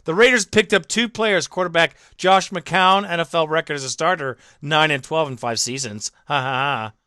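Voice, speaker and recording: Rich: A man with a high, sharp voice rants through a sports podcast, full of sarcasm and mockery aimed at an absent critic. The sound is close and dry, with no room around it, and his indignation spills into swearing. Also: normal speed, no echo. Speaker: podcast host. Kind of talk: ranting sports commentary.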